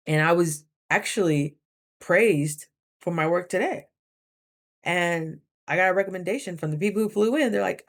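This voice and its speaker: A young woman vlogging casually, chatty and animated, acting out her own thoughts in quick asides. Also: on the low side. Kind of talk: casual talking-to-camera vlog.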